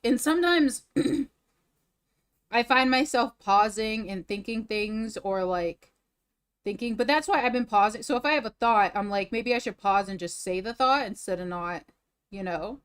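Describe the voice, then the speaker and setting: A woman's voice: on the high side, moderate pace, fairly bright tone, clear, resonant tone. Breathless, rambling young woman streamer. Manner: rambling, restarts sentences, chatty. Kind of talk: casual live-stream chat.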